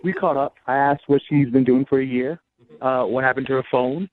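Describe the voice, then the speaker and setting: A man calling into a radio show talks quickly and defends himself earnestly. His voice is mid-pitched. It comes through a thin, tinny phone line. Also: steady tone. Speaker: caller. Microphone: telephone.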